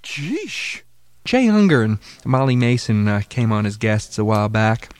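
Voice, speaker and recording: A male talk show host with a lively, expressive voice plays a mild, patient straight man in casual banter. His voice sounds dry and close, with no room around it. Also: lowish voice, normal speed, clear, resonant tone, no echo. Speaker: host and ventriloquist.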